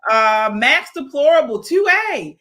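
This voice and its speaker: Bright, chatty woman reading viewer comments. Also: on the high side, animated, a little slow. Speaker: show co-host. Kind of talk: casual political talk show.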